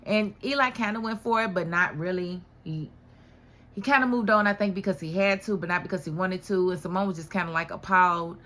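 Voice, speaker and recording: A woman's voice: fairly low pitch, brisk. Chatty woman reviewing a TV episode. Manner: animated, chatty, rhetorical questions, laughs often. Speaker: TV show reviewer. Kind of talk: casual episode recap and commentary.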